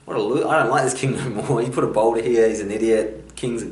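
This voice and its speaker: A man's voice: mid-range voice, darkish tone, reverberant, lightly acted. A man voicing a grumbling ordinary man who complains about a boulder, in a story he tells on a vlog. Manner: whiny, complaining, halting.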